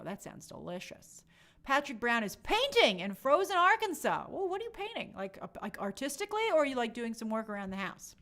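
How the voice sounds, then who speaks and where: A young woman hosting a casual live stream, reading viewer comments aloud and chatting in an animated way with many fillers. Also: sits high. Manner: chatty, animated, lots of fillers and quoted asides.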